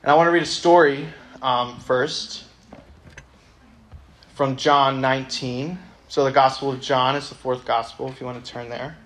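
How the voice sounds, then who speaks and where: A man's voice: medium pitch, fairly bright tone. A young man giving a casual, conversational sermon to a youth group, reading a Bible passage aloud. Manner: casual, conversational, many ums.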